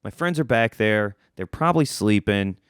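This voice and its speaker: A young man spins a comic tale as a podcast host, his pitch bouncing high and low as he goes. He rambles, restarts and swears freely. The sound is dry and close. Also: expressive, moderate pace, smooth, no echo. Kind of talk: casual comedic storytelling.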